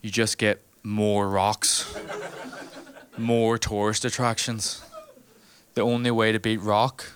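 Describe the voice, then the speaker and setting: A man's voice: lowish voice, level tone, slow, long pauses, crowd noise. A man with a Northern Irish accent doing a stand-up comedy set, punchy and teasing the audience. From Northern Ireland.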